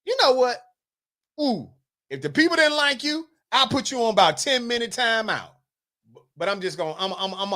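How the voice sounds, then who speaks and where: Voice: medium pitch, very animated, a little slow, pauses often, a bit bright. Teasing host with a drawl. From North Carolina, US South. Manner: teasing, chatty, scolds and jokes with viewers. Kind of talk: livestream chat, reading viewer comments aloud.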